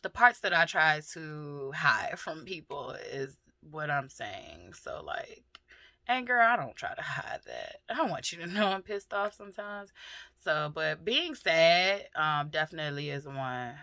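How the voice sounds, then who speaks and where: A middle-aged woman talking candidly and emotionally in a personal vlog, swearing freely and pausing often with fillers. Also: deep voice, big pitch swings, vocal fry, sharp tone, dry recording, clean studio sound. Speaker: vlogger.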